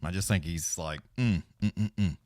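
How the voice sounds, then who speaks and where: Man, middle-aged, livestream fight host: low voice, dry close sound, loose and profane, jumps into quick play-by-play. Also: darkish tone, no room sound. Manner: rambling, profane, laid-back, with many restarts; fast play-by-play calling during fights. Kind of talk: casual live-stream commentary.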